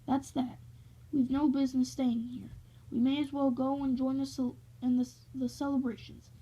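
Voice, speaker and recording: A woman reading aloud, voicing a wise, calm old wizard who speaks gently with dry wit. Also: high-pitched, normal speed, breathy edge, low-quality recording. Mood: subdued.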